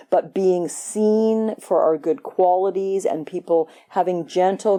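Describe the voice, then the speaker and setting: Low, mellow-voiced woman giving a dharma talk. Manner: conversational, playful, acts out quoted voices. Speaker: meditation teacher. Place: retreat hall.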